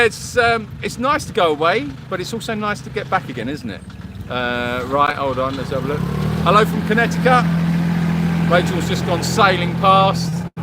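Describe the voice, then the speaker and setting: A man hosting a live Q&A from an animal sanctuary, reading out viewer comments in a playful, teasing, chatty way, recorded outdoors on a windy day. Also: on the high side. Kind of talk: live-stream Q&A chat. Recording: outdoor recording with clear wind noise.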